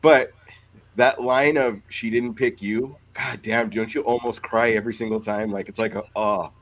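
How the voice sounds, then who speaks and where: A man's voice: medium pitch, fairly even intonation, moderate pace, fairly bright tone, poor audio. A man co-hosting a podcast, talking in a loose, rambling way. He swears freely and often drifts off mid-thought. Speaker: podcast co-host. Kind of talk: casual chat.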